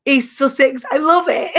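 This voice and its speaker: Casting: woman host, chatty and bubbly, slightly high voice. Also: fairly bright tone. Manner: chatty, bubbly, laughs often. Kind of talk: casual chat.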